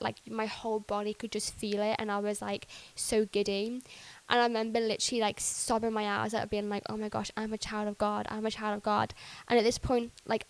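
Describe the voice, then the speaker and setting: A woman's voice: mid-range voice, poor audio. A young woman tells her faith story as a podcast guest, chatty and full of "like", acting out what she once said. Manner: chatty, fillers of "like", acts out her own past words. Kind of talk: personal faith testimony.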